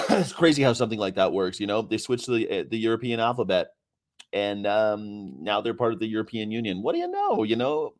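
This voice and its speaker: A man's voice: lowish voice, fairly quick. A man hosting a casual livestream, chatting and reading out history items in a rambling, profane way. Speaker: host.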